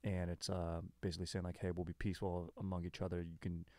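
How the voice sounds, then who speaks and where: A man's voice: deep voice, level tone, quick pace, mellow, no room sound. A man co-hosting a podcast, chatting casually about history in a laid-back, rambling way with fillers and swearing. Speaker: podcast co-host.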